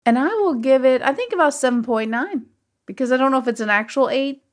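A woman's voice: high voice, brisk. A woman co-hosting a podcast in casual chat, with dry, teasing, sarcastic asides. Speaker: podcast co-host reviewing films.

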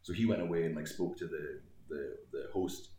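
A man's voice: rumbling low, moderate pace, dark tone, echoey room. A Scottish man, a guest comedian, telling long rambling anecdotes in a casual podcast chat with many fillers. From Scotland.

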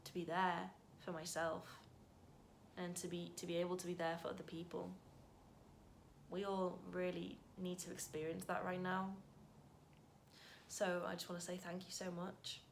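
Woman vlogging to camera, grateful and gentle. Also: fairly low pitch, completely flat delivery, moderate pace, vocal fry, long pauses, a little hiss or hum. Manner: warm, grateful, softly reflective with sudden bright bursts. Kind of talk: casual heartfelt vlog to camera.

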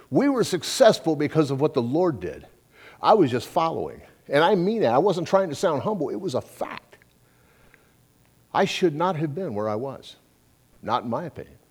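Man preaching with lively pitch. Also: breathy edge. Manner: conversational preaching with folksy asides and quoted dialogue. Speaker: pastor. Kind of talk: sermon.

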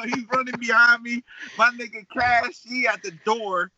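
A man from Pittsburgh, a hip-hop artist guest, telling animated, profane stories in a casual podcast chat and laughing often. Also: extremely high pitch, normal speed, no echo. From Pittsburgh, Pennsylvania. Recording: dull, dry lo-fi recording.

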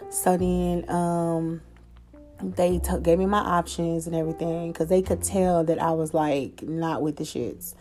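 A woman's voice: lowish voice, steady tone, a little slow, a little mellow, faint music behind. A young woman hosting her own show, telling a personal story in a candid, casual way with frequent swearing and fillers. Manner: candid, profane, conversational with fillers. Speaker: podcast host.

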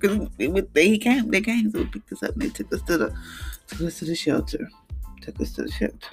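A woman with a gravelly voice tells her own hard story, halting, repeating herself and close to tears. Soft music plays faintly behind her. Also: sits low, very animated. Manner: halting, with many restarts and repetitions. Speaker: mother sharing a personal testimony. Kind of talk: emotional personal testimony.

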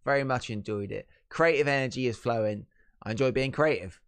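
A man hosting a podcast, chatting warmly and enthusiastically, thanking his guests and community. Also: medium pitch, fairly quick, clear, resonant tone. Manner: chatty, enthusiastic, uses 'mate' and 'brother'. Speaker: podcast host. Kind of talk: casual chat.

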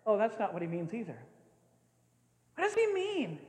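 A man's voice: high voice, wildly swooping pitch, moderate pace, a little mellow. An older man preaching a sermon as a pastor, playful and often laughing as he acts out scenes. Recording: echoey hall with long reverb.

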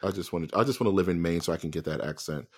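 A man co-hosting a podcast in casual chat, animated and joking with quick asides. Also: low voice, slightly rough. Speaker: podcast co-host.

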